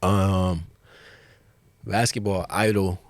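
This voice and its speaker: A relaxed man with a fairly low voice talks easily on a podcast, pausing with fillers as he gathers his thoughts. The sound is close and dry, with no room around it. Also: no room sound. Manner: laid-back, laughs often, trails off with fillers. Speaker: basketball player guest. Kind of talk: casual podcast chat.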